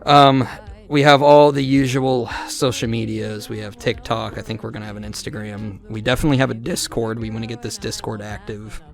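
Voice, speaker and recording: A man's voice: lowish voice, fairly even intonation, a little fast, vocal fry, hardly any pauses, faint music behind. A man hosting a casual podcast who tells rambling, profane stories with many restarts. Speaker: podcast host.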